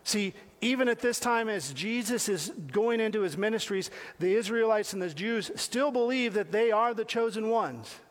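A man's voice: sits high, moderate pace, hardly any pauses. A man giving a conversational sermon, talking directly to his listeners with questions and repeated phrases. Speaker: preacher.

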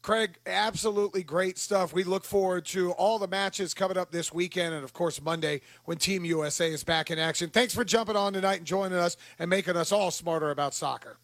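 A man's voice: high voice, steady tone, brisk, hardly any pauses, a bit bright, no echo. A man hosting a sports talk radio show, chatting in an upbeat, easygoing way and laughing often.

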